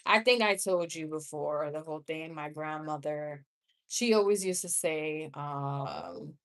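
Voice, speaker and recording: Woman, 30s, New York accent, unhurried chatty live-streamer who laughs a lot between tangents. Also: low voice, lively intonation. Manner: chatty, laughs often, rambling asides. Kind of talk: casual live-stream chat with viewers. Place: home room.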